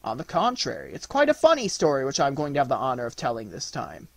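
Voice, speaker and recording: A man voicing an eccentric old male godfather and clockmaker, playful and jumping into high exclamations. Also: wildly swooping pitch, quick pace, creaky, no room sound, heavily acted. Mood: teasing.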